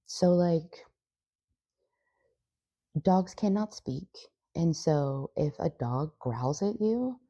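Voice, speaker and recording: A woman's voice: on the low side, animated, drawn-out words, pauses often, warm tone, dry recording, dull audio. A young woman chatting casually in a vlog, rambling and swearing freely. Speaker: vlogger. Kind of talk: casual chat.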